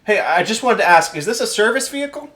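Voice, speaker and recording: A man's voice: high voice, sing-song, fast, a bit bright, echoey room, voice pushed up. A man voicing an overeager male admin clerk with a clipboard, talking in an overly polite, bureaucratic way. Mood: chirpy.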